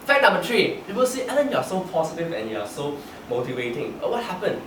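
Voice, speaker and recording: A lively young man with a slightly high, swooping voice tells funny stories about himself and often laughs mid-sentence. He is heard from some distance in an echoey meeting room, with clear background noise. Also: quick pace. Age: young adult. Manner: animated storyteller, laughing through his lines. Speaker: club speaker giving a personal speech. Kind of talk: humorous prepared speech. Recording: echoey room from far off, noisy.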